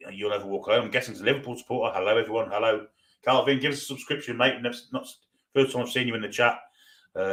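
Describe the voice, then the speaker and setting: With a fairly low, slightly bright voice, a Geordie man hosts a live football fan watchalong. He's from North East England and chats easily, reading viewer comments and firing back banter.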